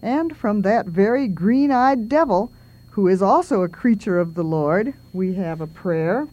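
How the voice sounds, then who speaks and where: A woman's voice: mid-range voice, lo-fi sound. A middle-aged woman, a children's author, giving a talk and reading poems aloud with feeling. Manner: slow, expressive reading aloud.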